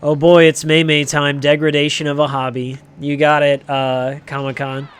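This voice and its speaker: A man's voice: a little high, monotone, moderate pace, clean tone. A man hosting a livestream who rambles through a sardonic, profane comic rant. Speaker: livestream host.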